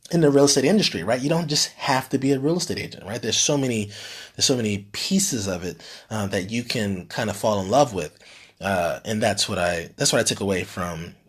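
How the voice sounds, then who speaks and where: A man, a real estate team leader, telling a story in a rambling, casual way with many fillers and frequent "right?" tags. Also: lowish voice. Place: live streamed session.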